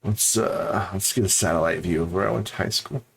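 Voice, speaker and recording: A man's voice: low voice, a little fast, gravelly, husky. A man streaming a game, chatting casually and rambling to his viewers. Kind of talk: casual live-stream chat.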